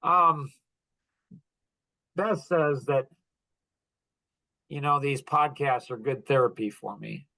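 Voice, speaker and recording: A man hosting a podcast, talking in a rambling, animated casual monologue and acting out conversations in different voices. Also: mid-range voice, slow, vocal fry, long pauses. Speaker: podcast host.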